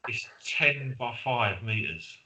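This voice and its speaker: A man's voice: mid-range voice, animated, slow, bright, forceful tone, poor audio. A middle-aged man, chatting casually on a podcast as co-host and telling stories with quoted friends. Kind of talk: casual chat.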